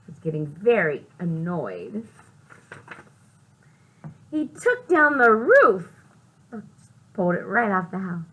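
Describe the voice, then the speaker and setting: This woman is a librarian sharing a picture book with young children, slow and expressive, posing questions and whispering to build suspense. Her medium-pitched voice is very animated, a touch bright and slightly rough, and the recording itself is rough.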